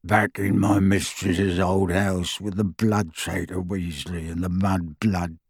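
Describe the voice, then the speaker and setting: A man voicing a servile, resentful old male house elf who croaks slowly and mutters. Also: low voice, level tone, dry recording, studio quality, voice pushed down, heavily acted. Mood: sullen muttering. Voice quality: croaking, bullfrog-like. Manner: slow, muttering.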